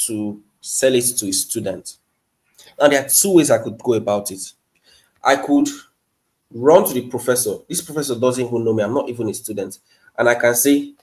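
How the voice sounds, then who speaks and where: A man from Nigeria with a Nigerian accent, a guest speaker teaching in a casual, chatty live-stream talk, full of rhetorical questions. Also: medium pitch.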